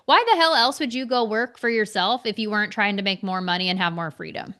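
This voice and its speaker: A woman's voice: medium pitch, expressive, brisk, pushed and bright. A woman co-hosting a business podcast in casual chat, blunt and outspoken, swearing freely. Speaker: podcast co-host, business coach.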